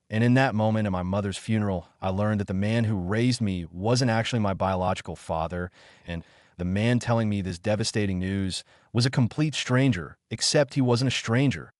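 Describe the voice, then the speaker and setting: A man narrating a first-person story in a steady, measured reading. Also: on the low side, dry recording, clean studio sound.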